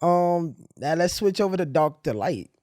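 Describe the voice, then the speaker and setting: A man hosting a podcast, telling stories in a loose, animated way. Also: on the high side, normal speed, dry recording, studio quality. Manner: storytelling, animated retelling. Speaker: podcast host. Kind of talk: casual podcast chat.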